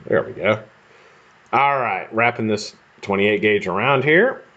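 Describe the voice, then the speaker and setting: An American man hosts a live stream, chatting casually and rambling with some casual swearing while he builds coils. His fairly low voice has lively intonation and a slightly slow pace. The stream audio is dull and lo-fi.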